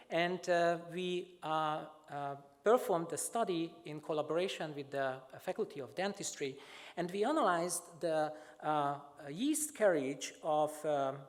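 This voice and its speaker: Halting man lecturing in a reverberant hall. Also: fairly high pitch. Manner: halting, many filler sounds and restarts. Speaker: microbiology researcher giving a lecture. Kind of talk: academic talk with slides.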